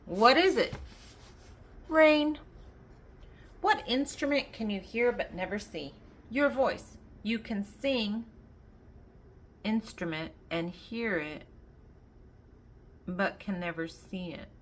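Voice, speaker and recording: An older woman takes it slowly and pauses often as she reads a children's joke book aloud, asking riddles, answering them, and laughing at her own jokes. Her voice is mid-range with lively intonation, and slight background noise is audible.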